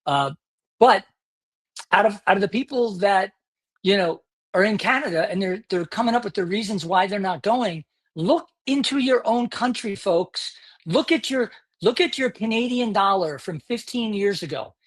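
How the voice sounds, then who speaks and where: A man's voice: high voice, lively intonation, moderate pace, slightly rough. A man hosting his own podcast, delivering an indignant, sarcastic solo rant. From United States. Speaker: podcast host.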